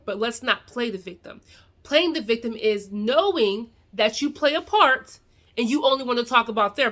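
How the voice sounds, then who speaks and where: A woman's voice: fairly high pitch, a bit bright. A woman, talking straight to her viewers in an earnest, preachy way about owning your mistakes. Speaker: video creator giving life advice. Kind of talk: casual talk to camera.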